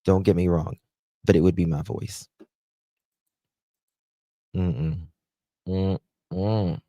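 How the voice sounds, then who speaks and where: A very low, gravelly Southern American man talks slowly and casually to his live-stream viewers. His tone is dark and mellow, and he is self-deprecating and chatty, with plenty of "um" pauses. The sound is close and dry, with no room echo. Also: fairly even intonation. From United States. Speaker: livestream host.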